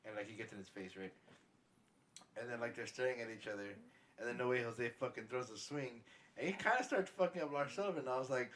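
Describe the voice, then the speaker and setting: Chill dude on a podcast, swears a lot, average pitch, little hiss in the back. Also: male voice, fast talker, fairly bright tone. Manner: laid-back, swears often, retells scenes with quoted asides. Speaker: podcast co-host. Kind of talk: casual chat.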